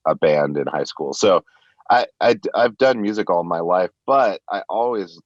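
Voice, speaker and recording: A man's voice: low voice, lively intonation, normal speed, dry recording, muffled recording. A man guesting on a podcast, chatting casually and playfully, laughing often and sliding in and out of put-on accents. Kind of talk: casual interview chat.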